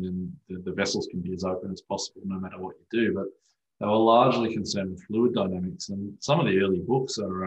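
A man's voice: deep voice, echoey room, slight background noise, rough recording. A man speaking as an osteopath guest in casual podcast chat, telling stories animatedly and swearing freely.

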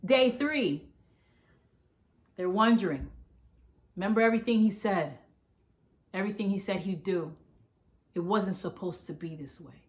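A woman pastor delivering a fervent sermon, repeating calls to listen and sometimes running out of breath from excitement. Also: medium pitch, measured pace, long pauses. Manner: fervent, repetitive preaching with emphatic calls to listen.

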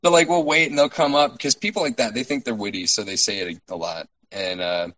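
Swearing, animated male podcast co-host. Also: medium pitch, fairly quick, poor audio. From Alaska. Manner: animated storyteller, swears freely, laughs often. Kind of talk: casual profane chat.

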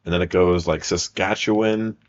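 Low-voiced young man, teasing podcast chat. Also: fairly even intonation, normal speed. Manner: teasing, rambling. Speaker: podcast co-host. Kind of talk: casual podcast banter. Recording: dull lo-fi sound.

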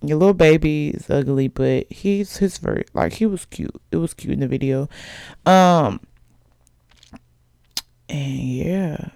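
A young woman chats loosely on her podcast, gossipy and quick to laugh. Her voice is smooth yet full of fry. The sound is close and dry. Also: low-pitched, dark tone, no room sound. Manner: chatty, laughs often, gossipy. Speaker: podcast host. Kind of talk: casual chat.

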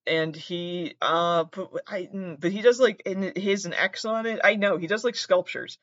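A man telling a rambling comedic story about himself, full of swearing and self-mockery, now and then bursting out loudly. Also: high-pitched, normal speed, no room sound, lo-fi sound. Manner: self-deprecating, profane, swings into loud outbursts. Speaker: show host telling a personal story.

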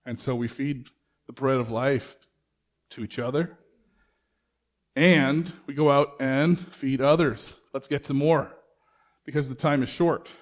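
A man's voice: mid-range voice, unhurried, long pauses. A man preaching a sermon in a conversational way, asking the congregation rhetorical questions and acting out bits of dialogue. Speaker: pastor.

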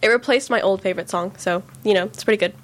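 A woman's voice: mid-range voice, fast. A young woman chatting as a guest on a student radio show, playful and teasing. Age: young adult. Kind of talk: casual chat.

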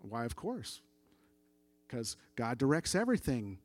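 A man's voice: medium pitch, big pitch swings, measured pace, dry recording. A middle-aged man telling a story as a church testimony, casual and conversational, acting out the dialogue of the people he quotes. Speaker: church member giving testimony.

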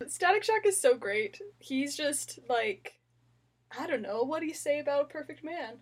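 A woman hosting a casual chat, excitable and quick to laugh. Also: sits high. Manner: giggly, excitable.

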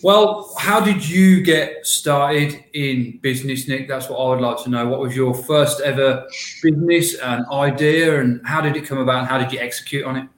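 A man's voice: mid-range voice, normal speed, few pauses. Male interviewer, plain curious questions, echoey room sound. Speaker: interviewer host.

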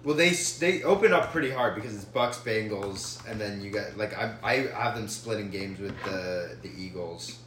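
A young man co-hosting a casual sports podcast, excitable and stumbling over his words. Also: on the low side, normal speed, few pauses, reverberant, noisy background. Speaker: podcast co-host.

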